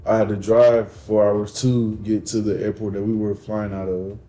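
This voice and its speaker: A man co-hosting a podcast in a relaxed, casual chat. His voice is warm and mellow, and he jokes around easily. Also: lowish voice, moderate pace, soft background music. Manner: relaxed, jokey, laughs easily. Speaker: podcast co-host.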